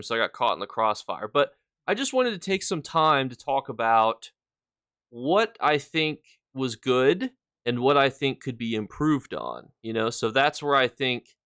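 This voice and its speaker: A man talks loosely to his stream audience, wandering through his thoughts with lots of fillers. His voice is smooth and clear at a middle pitch. It sits close and dry on the mic. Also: a bit bright, no room sound. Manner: chatty, rambling, thanks viewers between points. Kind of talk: casual live-stream chat.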